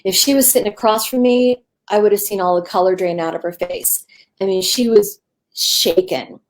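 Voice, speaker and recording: A woman's voice: mid-range voice, normal speed. A woman appearing as a guest medium, telling her story in a casual, rambling way with many fillers. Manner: rambling, animated retelling with fillers.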